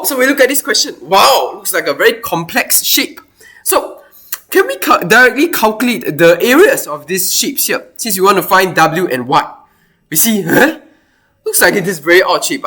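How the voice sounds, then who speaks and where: A man's voice: high voice, bright, forceful tone. A man explaining a math problem step by step, thinking aloud with lots of exclamations. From Singapore. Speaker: math teacher.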